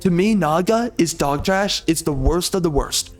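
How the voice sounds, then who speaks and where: Fired-up guy ranting over his game, swears a lot, trips over his words, kinda high voice, soft game music going. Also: lively intonation, moderate pace. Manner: angry, profane, stammering repetitions. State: agitated, seething. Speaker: gaming channel host. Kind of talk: ranting commentary over gameplay.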